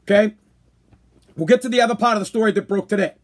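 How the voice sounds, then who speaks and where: A man with a very high-pitched voice hosts his own podcast live stream, speaking casually to his audience. He talks in a brash, emphatic way and pokes fun at himself. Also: quick pace. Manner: brash, emphatic, self-mocking, says "bro" often. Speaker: podcast host.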